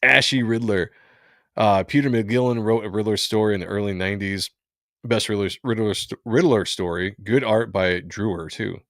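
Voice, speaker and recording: A man's voice: lowish voice, normal speed, a bit bright, dry recording, clean studio sound. A man hosting a comic book reaction, rambling as he reads panels aloud and laughs often. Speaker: comic book channel host. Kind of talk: casual comic reading and reaction.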